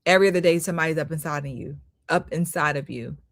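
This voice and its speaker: A woman's voice: low voice, quick pace, no echo. A woman hosting a live-stream commentary, critical in tone, often repeating herself for emphasis and talking to viewers as "y'all". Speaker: host.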